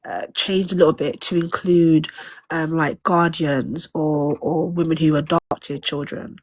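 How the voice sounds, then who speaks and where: A woman's voice: low voice, fairly even intonation, unhurried, no echo. Stammering British woman panelist. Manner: stammers, repeats "so" and "but" before points. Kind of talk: casual panel debate.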